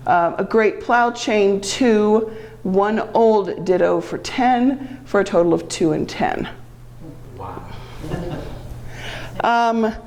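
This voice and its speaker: A woman's voice: mid-range voice, a little mellow. A middle-aged woman giving a lecture to a genealogy class, explaining in a chatty way with frequent ums and self-corrections. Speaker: genealogy presenter.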